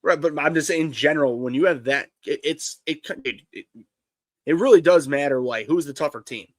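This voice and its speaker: A man's voice: on the high side, no room sound. A man co-hosting a live fantasy football show, arguing his points emphatically and swearing, often restarting his sentences. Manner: emphatic, halting, profane. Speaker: co-host.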